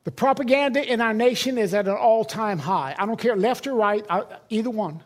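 A man's voice: high voice, brisk. A middle-aged man, a pastor, preaching a sermon in a conversational, emphatic way with personal stories.

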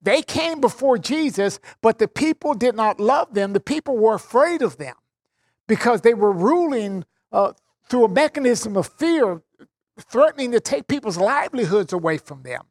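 A man's voice: very high-pitched, expressive, normal speed. A man preaching a sermon, expounding scripture with emphatic repetition and casual conversational asides. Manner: emphatic, repeats phrases for stress.

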